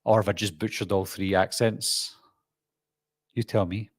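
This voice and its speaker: A Scottish man chats casually through a live-stream Q&A, rambling and poking fun at himself. His voice sits fairly low and is recorded close and dry at a home desk mic. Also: fairly even intonation, unhurried, dry recording. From Scotland. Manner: rambling, self-deprecating, chatty. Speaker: horror channel host.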